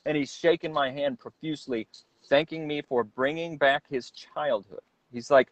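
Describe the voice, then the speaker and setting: A man guest telling stories in a casual interview, rambling and halting as he goes. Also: a little high, fairly even intonation. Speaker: guest, celebrity impersonator. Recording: dull, dry lo-fi sound.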